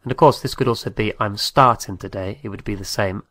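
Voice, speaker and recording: A man teaching a language lesson, saying each phrase slowly and repeating it, sometimes spelling words out letter by letter. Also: lowish voice, a bit bright, no echo.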